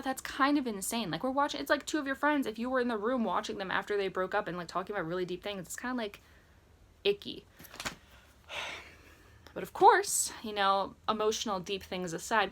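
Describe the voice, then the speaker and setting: A young woman hosting a casual reaction vlog, chatty and animated, gushing over every moment. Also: medium pitch. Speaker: YouTube vlogger.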